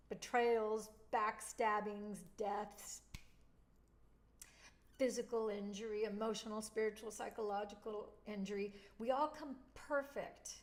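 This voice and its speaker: A woman talks straight to the camera in a casual, heartfelt way, swinging between tender encouragement and blunt, salty asides. Her voice sits in a middle register, and she leans in with animated emphasis on her favorite points. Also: mid-range voice. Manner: emotional, chatty, blunt and animated. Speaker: spiritual video host. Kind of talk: casual spiritual talk to camera.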